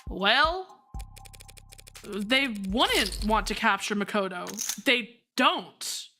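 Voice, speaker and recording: Smug family patriarch guy w a fake russian accent, a woman reading him out, slow and bright, light music behind. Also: fairly high pitch, full character voice. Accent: put-on Russian. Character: scheming male patriarch of a noble family. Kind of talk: reading game dialogue aloud.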